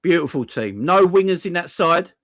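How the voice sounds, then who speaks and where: A man rants about his team in sarcastic, repetitive bursts, swearing freely as he goes. His voice sits a touch higher than most men's, and the recording is dry and close, with no room sound. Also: animated, moderate pace, fairly bright tone, dry recording. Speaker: football fan channel host. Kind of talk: ranting fan commentary.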